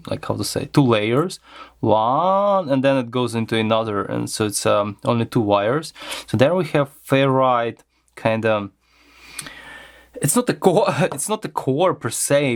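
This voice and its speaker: A man with a delivery talks slowly through a hands-on electronics teardown. His voice sits at a middle pitch, and he muses aloud with plenty of fillers and restarts. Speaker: electronics teardown channel host. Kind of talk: casual hands-on teardown commentary.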